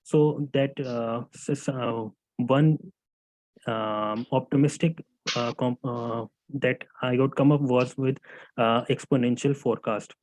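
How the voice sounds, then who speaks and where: A man's voice: mid-range voice, steady tone, takes it slowly, darkish tone, no echo, poor audio. A male student presenting answers to his teacher in class, hesitant and full of fillers, calling him sir. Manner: hesitant, many fillers and restarts.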